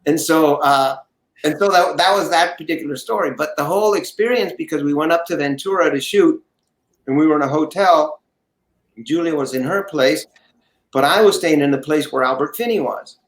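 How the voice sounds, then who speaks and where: A man telling a story as an interview guest, his slightly high voice bouncing in a roomy space. He keeps it animated and acts out the other people's lines as he goes. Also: normal speed. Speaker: guest actor.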